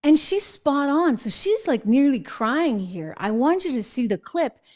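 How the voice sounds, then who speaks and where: A woman's voice: high-pitched, very animated, unhurried, a little mellow. A middle-aged woman from New England hosting a political commentary show, talking emphatically and checking in with viewers. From New England, United States. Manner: emphatic, conversational, asks viewers "right?". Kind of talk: opinionated commentary.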